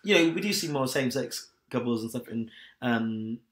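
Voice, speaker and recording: A young man co-hosting a podcast chats casually in a mid-range, animated voice at a moderate pace. Nursing a sore back and a hangover, he rambles through a retelling packed with fillers.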